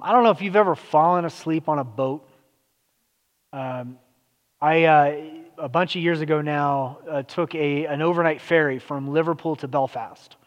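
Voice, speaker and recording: A man with a fairly high voice preaches a relaxed, conversational sermon, often stopping to restart a thought. His words ring out with a long reverb from a large hall. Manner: conversational, with many fillers and restarts.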